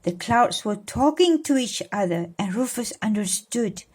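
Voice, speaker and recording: A woman reading a storybook aloud to her godchildren, pausing to explain and coax them with questions. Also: a little high, expressive, slightly rough. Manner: warm, coaxing, explains and asks children questions. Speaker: godmother reading to children.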